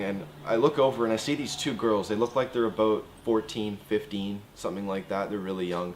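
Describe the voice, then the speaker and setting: A man's voice: low voice, a little hiss or hum. A man in his twenties telling a casual storytime tale, loose, profane and sarcastic.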